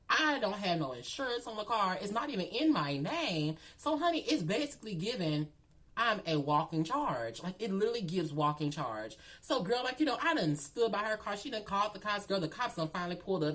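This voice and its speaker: Woman spilling a wild story, lowish voice, super animated, keeps saying girl. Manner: animated, dramatic, keeps calling the listener "girl". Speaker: storytelling vlogger. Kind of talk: casual storytime.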